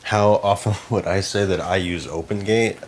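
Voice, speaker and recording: A man's voice: deep voice, fairly even intonation, moderate pace, a little hiss or hum. A young man talking casually and self-deprecatingly to himself as he sets up lights and cameras in a small apartment. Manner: chatty, self-deprecating, muttering to himself while working. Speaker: podcast co-host making a behind-the-scenes video. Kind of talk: casual behind-the-scenes vlog. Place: small apartment set up as a studio.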